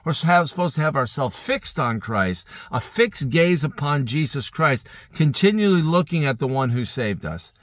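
A man's voice: fairly high pitch, lively intonation, moderate pace, hardly any pauses, no echo. Earnest, rambling male preacher, dry close sound. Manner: rambling, self-correcting, earnest. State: sleepy, yawning. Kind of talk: early-morning Bible teaching. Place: indoors.

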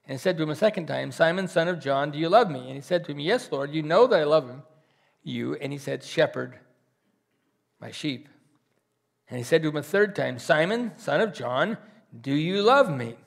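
A pastor preaches a sermon in an earnest, pleading way, swinging from loud rises to soft, nearly whispered drops. His voice is a little high and creaky, with lively intonation at a normal speed.

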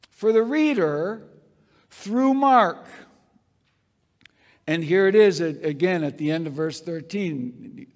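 A man preaches from the pulpit in a fairly high voice, leaning on key phrases by slowing down and repeating them. His words ring out with a long reverb from a church sanctuary. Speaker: pastor. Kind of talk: expository sermon.

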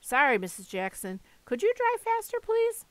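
A woman voicing a touchy, jittery young satyr boy, half goat, with a high nervous edge in an audiobook reading. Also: unhurried, a bit bright, no room sound, close to an everyday voice. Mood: sulky. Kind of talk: audiobook character voice.

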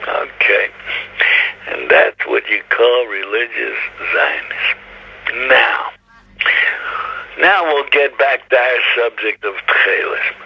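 A man's voice: mid-range voice, animated, takes it slowly, creaky, pauses often, breathy edge. A man, a rabbi, giving an impassioned Torah lecture full of rhetorical questions. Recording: dull lo-fi recording.

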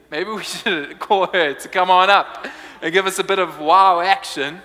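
Jasny głos młodego kaznodziei w sali. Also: male voice, high-pitched, bright, forceful tone, big-room sound. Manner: playful, chatty, laughs often. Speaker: preacher. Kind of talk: humorous sermon. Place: church hall.

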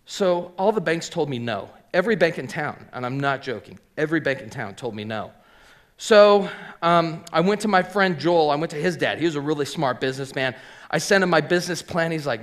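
Middle-aged man, casual storyteller on stage, slightly high voice, lots of ums and likes. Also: lively intonation, fairly quick. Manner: chatty, filler-heavy, voices quoted people. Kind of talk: live personal storytelling. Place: theater stage.

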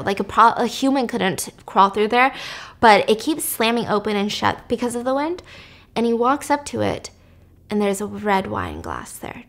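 A woman hosting a podcast, casually retelling a thriller plot with animated delivery that sometimes drops to a whisper for suspense. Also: medium pitch, vocal fry. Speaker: podcast host. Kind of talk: casual story recap.

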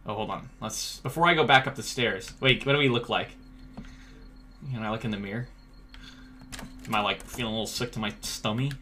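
A man's voice: on the low side, a little fast, long pauses, sharp tone, a little hiss or hum. A man streaming a video game, joking and reacting with sudden jumpy outbursts while talking to chat. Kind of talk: let's play commentary.

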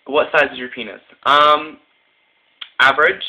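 A man's voice: medium pitch, moderate pace, sharp tone. A young man vlogging casually into a phone, giggly and rambling with lots of fillers. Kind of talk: casual tag video chat. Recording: tinny phone-quality audio.

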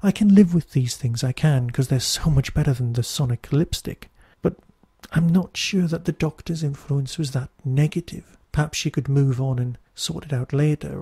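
A man's voice: medium pitch, normal speed, hardly any pauses, dark tone, husky, no room sound, studio quality. A Newcastle man with a Geordie accent hosting a podcast, reviewing in a chatty, wry, digressive monologue. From Newcastle, England. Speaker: podcast host.

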